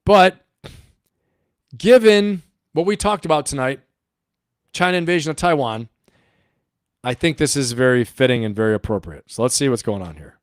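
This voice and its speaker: A man's voice: medium pitch, moderate pace, pauses often, smooth, no echo, clean studio sound. A middle-aged man hosting a livestream, telling a story in a rambling, profane way and laughing often. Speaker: livestream host and coach.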